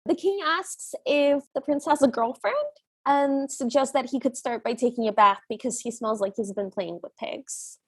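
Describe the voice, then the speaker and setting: Giggly woman podcast co-host with a high voice, casual film chat, dry close mic. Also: normal speed, slightly rough, no echo. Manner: giggly, laughs often while talking.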